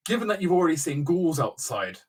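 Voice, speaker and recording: A young man as dungeon master, narrating a tabletop game in a measured way with small restarts. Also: a little high, very animated, rough recording.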